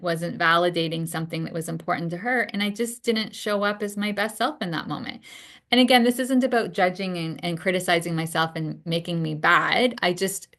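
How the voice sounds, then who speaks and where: A woman's voice: lowish voice, vocal fry, a bit bright. A middle-aged woman hosting a solo podcast, telling a personal story in a reflective way with many fillers and restarts. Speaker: podcast host.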